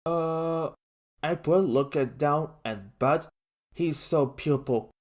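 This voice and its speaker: A narrator reading a homemade fan story aloud in a halting, stumbling way. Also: mid-range voice, darkish tone.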